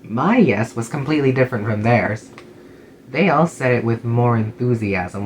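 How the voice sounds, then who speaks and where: A man's voice: mid-range voice, lively intonation, moderate pace, slight background noise, low-quality recording. A man reading a first-person story in a casual, sarcastic way, swearing freely. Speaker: narrator.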